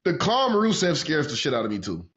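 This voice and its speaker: A man co-hosting a casual wrestling podcast, talking in a profane, excitable way and laughing often. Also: fairly high pitch, brisk, muffled recording. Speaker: podcast co-host.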